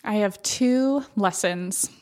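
A woman's voice: medium pitch, takes it slowly. 30s woman cohost, mid-range voice, lots of mm-hmms, supportive casual chat. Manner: warm affirming listener, gives frequent "mm-hmm" backchannels. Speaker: podcast co-host.

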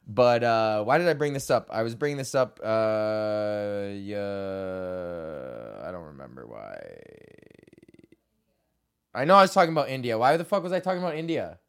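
A man's voice: fairly low pitch, sing-song, moderate pace, smooth. A young man from Canada hosting his own podcast, rambling casually while stoned, swearing a lot and laughing often. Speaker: podcast host.

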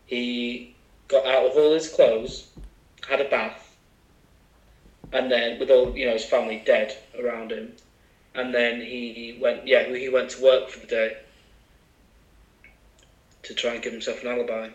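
A man's voice: medium pitch, level tone, measured pace, long pauses, muffled recording. Chatty man in an echoey room. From England. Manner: chatty, many fillers and asides. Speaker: podcast guest. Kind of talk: casual chat.

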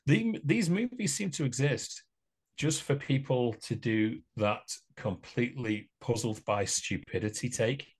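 Co-hosting a laid-back podcast, a man talks films at length, rambling, full of opinions and frequent laughter. His medium-pitched voice is husky and unhurried.

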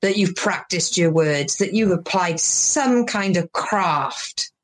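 A woman comedian from the UK talks over a video call in a podcast conversation. Her voice sits somewhat low for a woman. She tells stories with energy and acts out quotes as she goes. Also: slow pace. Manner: animated storyteller, acts out quotes. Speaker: comedian guest.

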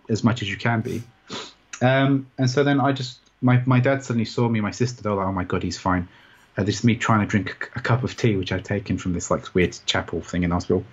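A man recounting a personal experience in an interview, rambling and halting with many restarts. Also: medium pitch, breathy edge. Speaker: interview guest. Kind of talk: personal story in conversation. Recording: dull, muffled sound.

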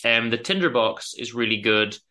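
A man co-hosts a casual book podcast, retelling fairy tales with an animated storyteller's flair. His pitch rises and falls freely, and his tone is bright. He fills his talk with ums and quick self-corrections. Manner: animated storytelling, acts out characters. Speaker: podcast co-host.

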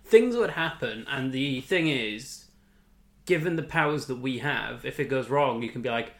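A man's voice: medium pitch, animated, normal speed, fairly bright tone. A man co-hosting a comedy podcast, talking in a playful, joking way and laughing often. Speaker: podcast co-host. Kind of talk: casual comedic chat.

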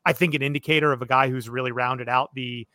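A man hosts a relaxed podcast chat in a bright, forceful voice. He reasons through his points with a lot of "you know" and restarts. The recording is dry, with no room sound. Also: medium pitch, fast talker, no echo. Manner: thoughtful, analytical, many fillers and restarts. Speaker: podcast host. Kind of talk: casual chat.

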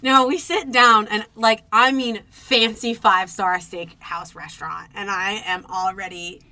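A young woman co-hosting a podcast, telling a dating story in casual chat, animated and swearing, acting out her own reactions. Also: mid-range voice, a little slow. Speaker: podcast co-host.

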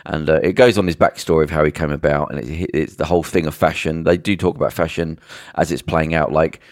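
A man's voice: very deep voice, steady tone, fast, dry recording, clean studio sound. A man co-hosting a podcast, retelling a show in a rambling way with many fillers and restarts. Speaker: podcast co-host. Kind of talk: casual chat.

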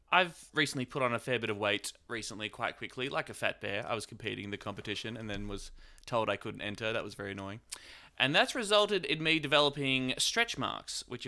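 A man's voice: mid-range voice, animated, brisk, sharp tone. A man guesting as a comedian on a podcast, joking crudely and laughing often.

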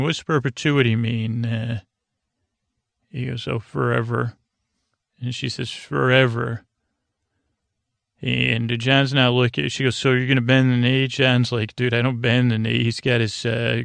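A man's voice: medium pitch, gravelly, fairly bright tone, dry recording. A man hosting a podcast, casually recapping a TV episode in a rambling way, full of fillers and restarts. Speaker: podcast host.

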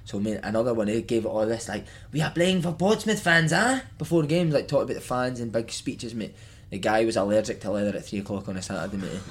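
A man's voice: on the low side, a little mellow. A Scottish man, a former footballer, co-hosting a podcast, talking casually and telling anecdotes with lots of "mate". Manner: fast, storytelling, slangy with "mate".

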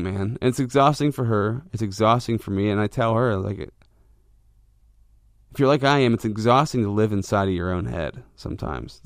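This is a podcast host with a fairly low voice, captured dry and clean in a studio. His monologue is candid and introspective, circling around his frustrations in a rambling way with plenty of false starts.

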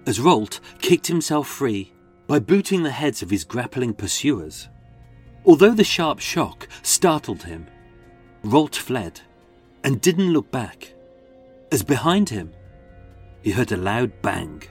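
Male narrator for dramatic crime storytelling, mid-pitched, very expressive intonation. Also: takes it slowly, pauses often, breathy edge, soft background music. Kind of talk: scripted true-crime narration.

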